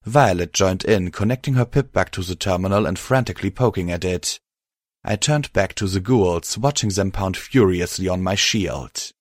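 A man reading a story aloud in steady, even scripted narration. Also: low voice, normal speed, no room sound, clean studio sound. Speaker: audiobook narrator.

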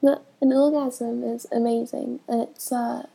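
A young woman talking in a casual, hesitant way, her voice congested from a cold. Her tone is very dark and husky with a gravelly fry, kept fairly high but flat in pitch. She fills pauses with ums as she works through a list of questions. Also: poor audio. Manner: hesitant, many ums, laughs between answers. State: stuffy from a cold. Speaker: vlogger answering a questionnaire. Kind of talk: casual chat.

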